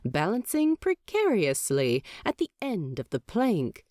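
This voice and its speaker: A woman narrating a fan fiction audiobook with expressive storytelling. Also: on the low side, unhurried, no room sound, clean studio sound. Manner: expressive storytelling, lively inflection.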